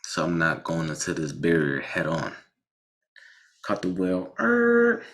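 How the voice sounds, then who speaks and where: A man casually telling a personal story about a car accident, animated, with frequent restarts and blunt swearing. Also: very deep voice, unhurried.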